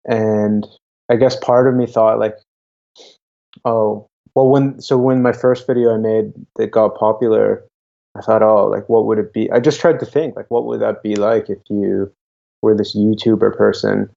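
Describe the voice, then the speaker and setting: A young man talks in a relaxed interview, halting often. His low voice is gravelly and mellow. The audio is dull and lo-fi. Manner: halting, with frequent restarts. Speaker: guest, YouTuber. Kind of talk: casual interview talk.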